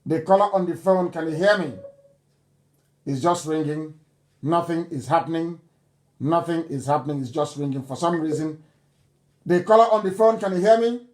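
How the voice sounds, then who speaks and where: Male radio host, high-pitched, insistent and pleading, live address. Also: normal speed, pauses often. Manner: forceful, repetitive, pleading. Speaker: radio broadcaster taking calls.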